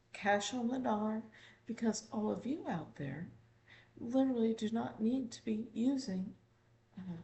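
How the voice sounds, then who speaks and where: A woman with a gravelly, mellow voice channels a spirit in an apartment. She swears constantly, repeats herself, and keeps calling the listener "dear". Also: mid-range voice, poor audio. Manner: profane, repetitive, calls listener "dear". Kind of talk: channeling monologue.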